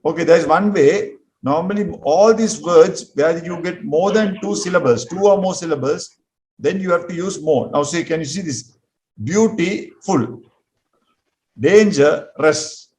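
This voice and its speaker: Male English teacher, somewhat high voice, patient, slow and repetitive drilling. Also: a little mellow, low-quality recording. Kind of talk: classroom grammar lesson.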